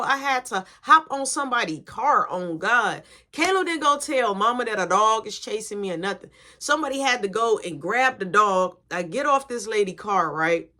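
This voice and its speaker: Young adult woman, casual storytime, animated, slangy, slightly high pitch. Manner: animated, slangy, acts out quotes.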